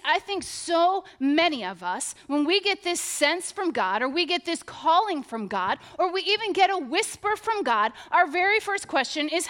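A woman preaching a sermon, reading scripture aloud and telling it with humor and lively storytelling. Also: high-pitched.

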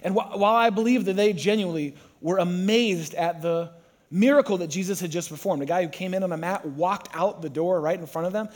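A man's voice: sits high, a little fast. A man preaching a sermon to a congregation, who tells the story with energy and acts out the voices. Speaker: pastor.

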